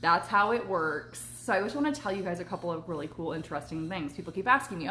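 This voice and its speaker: Woman, casual livestream storytelling, animated, laughs a lot, swears, faint background hiss. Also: on the low side, fast, few pauses. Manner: eating while talking. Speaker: manifestation coach and vlogger.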